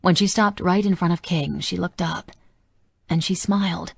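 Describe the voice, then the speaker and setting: A woman narrating a romance audiobook softly and intimately. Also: fairly low pitch, steady tone, moderate pace, vocal fry, breathy edge, dry recording. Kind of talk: scripted narration.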